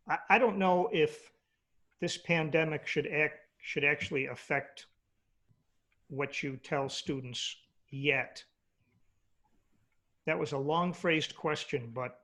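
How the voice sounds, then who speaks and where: A man's voice: on the high side, fairly bright tone. A man interviewing a musician over a video call, asking long, rambling questions for a jazz archive.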